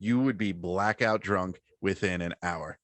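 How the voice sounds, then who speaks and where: A man co-hosting a podcast, telling stories in animated casual chat. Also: sits low, unhurried, no echo. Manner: laughing, animated storytelling. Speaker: podcast co-host.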